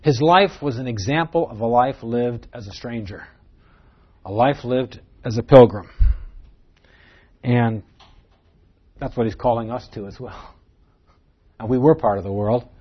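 A man's voice: medium pitch, measured pace, long pauses, breathy edge, dull audio. A man teaching verse by verse through a Bible passage, earnest and emphatic, posing rhetorical questions to his listeners.

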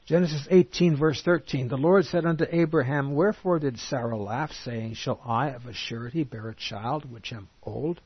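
A man giving a Bible teaching sermon, reading scripture slowly and emphatically and then explaining it in plain words. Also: medium pitch, slightly rough, dull audio. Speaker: preacher.

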